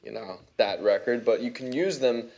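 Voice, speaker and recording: A man's voice: mid-range voice, moderate pace, vocal fry, a little mellow. A man, a musician and producer, casually walking through how he built his song, chatty and loose with lots of fillers. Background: faint playback of his own track.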